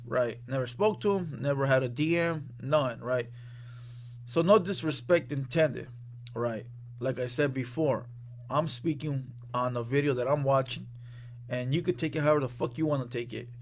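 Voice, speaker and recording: A man's voice: fairly high pitch, a little hiss or hum. A man hosting a reaction channel from a studio room, giving casual commentary in a blunt, profane, conversational way.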